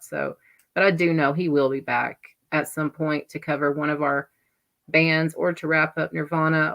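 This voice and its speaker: A woman's voice: sits low, vocal fry, fairly bright tone. A woman with a Southern US accent hosting a livestream, chatting in a rambling, wandering way with lots of asides. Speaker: livestream host. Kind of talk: casual livestream chat.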